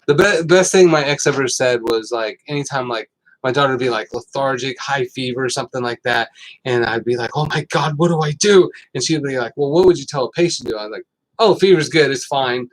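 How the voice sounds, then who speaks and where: A middle-aged man hosts a casual health chat, rambling through stories with many fillers. His voice sits at an ordinary mid pitch. He gets lively when he tells a story. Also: a little fast, low-quality recording. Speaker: host.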